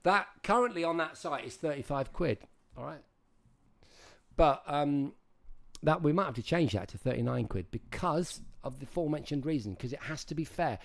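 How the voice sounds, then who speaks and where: A man hosts a casual livestream and talks straight to his chat. His voice sits a little high and swings widely up and down. He rambles and keeps restarting his sentences. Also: expressive, normal speed, vocal fry. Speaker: livestream host.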